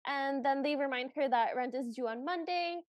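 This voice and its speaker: Podcast co-host, female, high voice, dry close sound; animated movie recapper. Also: normal speed, no echo. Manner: animated, acts out characters' lines in quotes. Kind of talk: casual chat recapping a movie.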